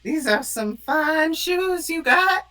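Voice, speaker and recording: A woman's voice: high-pitched, animated, takes it slowly, a loud crowd, pitched above the performer's own voice. A woman voicing a sly, light-fingered female adventurer with a sweetly fake-polite manner.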